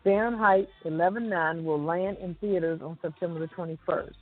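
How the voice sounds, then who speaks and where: A woman's voice: on the low side, steady tone, moderate pace. Woman reading celebrity news over a tinny line. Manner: reads news items, adds wry asides. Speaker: co-host reading entertainment news. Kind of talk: casual news chat. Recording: tinny phone-like sound with faint music.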